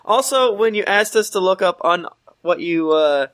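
A man's voice: sits high, animated, moderate pace, a bit bright, slight background noise. A man playing a tabletop game, goofy and joking, often laughing. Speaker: player. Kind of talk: casual tabletop game play.

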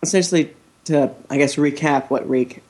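A man hosting a casual podcast chat from a living room, talking in an animated, joking way and swearing freely. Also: a little high, moderate pace.

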